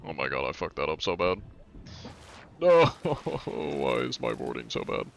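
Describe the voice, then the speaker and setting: A man's voice: rumbling low, huge pitch swings, a little slow, vocal fry, slight background noise. A young man in his twenties chatting casually with viewers on a gaming livestream, with dry, wry jokes. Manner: dry, wry joking with chat. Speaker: streamer.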